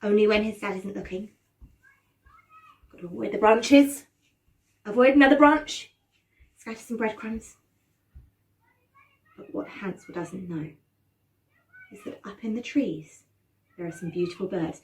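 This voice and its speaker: A woman drama teacher telling a children's story with animated expression and dramatic gasps, prompting her class to join in. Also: mid-range voice, a little slow, long pauses, distant mic.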